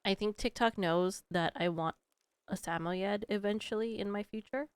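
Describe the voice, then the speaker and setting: A woman's voice: mid-range voice, moderate pace, clean tone, dry recording, poor audio. Giggly young woman streaming a game. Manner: giggly and animated, often laughing between lines. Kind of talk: casual chat while gaming.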